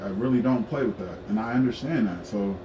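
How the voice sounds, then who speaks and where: A man's voice: lowish voice, brisk, lo-fi sound, background noise. A man telling his story in a frank, profane casual rant, repeating himself for emphasis. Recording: echoey room, mic at a distance, faint ambience.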